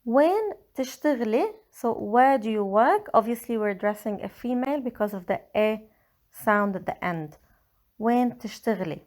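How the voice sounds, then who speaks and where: A woman with a Lebanese accent, slowly and carefully explaining grammar in a language lesson. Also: medium pitch. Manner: slow, careful explaining with Arabic examples. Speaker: Arabic teacher. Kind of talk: scripted language tutorial.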